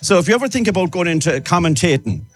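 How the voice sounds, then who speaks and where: This is an upbeat Irish man fronting a live radio broadcast from outdoors, with a slightly raised pitch for a man. He talks chattily, repeating names and phrases, and keeps the patter rolling. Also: expressive, fast, faint music behind. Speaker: radio presenter. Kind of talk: live outside broadcast chat. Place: outdoors at a local event.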